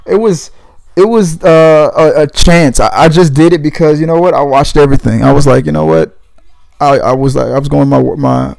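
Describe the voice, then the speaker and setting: Young guy, podcast host, very gravelly voice, dry close sound, loose and cursing. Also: medium pitch, darkish tone, no room sound, poor audio. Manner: rambling, profane, laid-back. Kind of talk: casual movie commentary.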